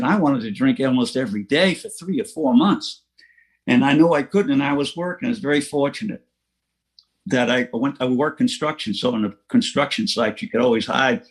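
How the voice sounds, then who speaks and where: A man's voice: mid-range voice, breathy edge. Plain-spoken older man telling his story. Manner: plain-spoken storytelling with frequent restarts and chuckles. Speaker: recovery meeting speaker. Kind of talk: personal recovery story at a meeting. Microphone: online meeting from home.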